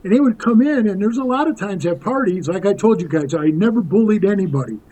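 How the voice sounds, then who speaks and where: In a low-quality recording, a man in his sixties with a high, expressive, dark-toned voice talks quickly as a podcast guest. He tells rambling, tough-talking stories in a casual interview and calls the host "bro."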